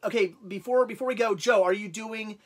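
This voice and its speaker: A man's voice: sits high, fairly quick. A man hosting a casual livestream, talking in a rambling way with lots of fillers and repeated words. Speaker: livestream host.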